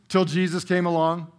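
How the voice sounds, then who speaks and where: A middle-aged man preaching a sermon to a congregation, swinging from loud emphatic bursts to quiet drawn-out phrases. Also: sits high. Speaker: pastor. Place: church room before a congregation.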